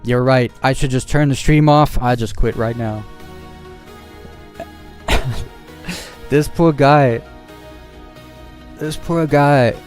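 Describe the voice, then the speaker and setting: A man's voice: mid-range voice, slow pace, long pauses, a little mellow, soft background music. A man streaming a game live, chatting casually and shrugging off criticism with a laugh. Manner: casual and dismissive, laughing things off.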